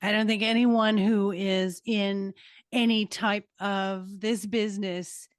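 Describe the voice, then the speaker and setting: A woman's voice: mid-range voice, little pitch movement, slow pace, no room sound. Woman podcast host, dry close voice. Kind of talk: casual chat.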